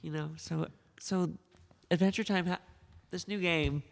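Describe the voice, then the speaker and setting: A man's voice: high-pitched, steady tone, measured pace, gravelly, long reverb tail. A man co-hosting a casual podcast, telling joking, rambling stories. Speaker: podcast co-host.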